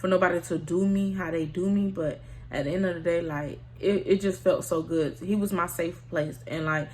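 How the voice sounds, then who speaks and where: A woman's voice: lowish voice, fairly even intonation, moderate pace, darkish tone, slight background noise. A woman telling a personal story in a casual storytime vlog, candid and slangy, often talking straight to her viewers. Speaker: storytime vlogger.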